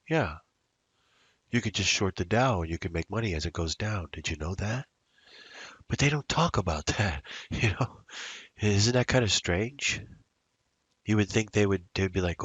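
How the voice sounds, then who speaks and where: A deep, fairly bright voice with a breathy edge comes through with no echo and the highs cut off. The man, day trading at his computer, talks at a moderate pace through his moves in a rambling, casual commentary, muttering to himself and leaning on fillers.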